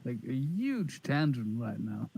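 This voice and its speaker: A man's voice: mid-range voice, very animated, takes it slowly, vocal fry, a little mellow, slightly rough. Wry man chatting casually. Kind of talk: casual chat.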